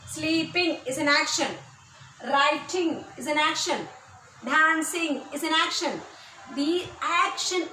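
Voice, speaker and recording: A woman teacher with a Telugu accent giving a grammar lesson, repeating each phrase slowly. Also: sits high, pushed and bright, a little hiss or hum. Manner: slow, repetitive, drills phrases. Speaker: school teacher. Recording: echoey room, distant mic, faint ambience.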